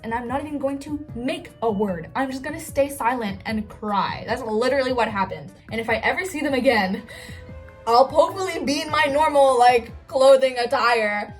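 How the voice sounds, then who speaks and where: Excitable young woman gushing in a vlog. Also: high voice, fairly quick, soft background music. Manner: gushing, excitable storytelling with many "like"s. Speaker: cosplay vlogger. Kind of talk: casual get-ready-with-me vlog.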